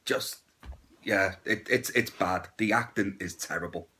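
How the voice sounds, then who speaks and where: A man's voice: deep voice, a little slow, pushed and bright. A man giving a casual, blunt and crude horror movie review, with sarcastic asides.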